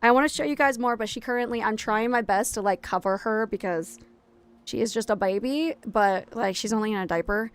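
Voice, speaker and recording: A woman streaming from home late at night, chatting casually, laughing often and cooing softly to her toddler. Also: a little high, a little fast, clear, resonant tone. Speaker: game streamer and mother. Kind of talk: casual live-stream chat.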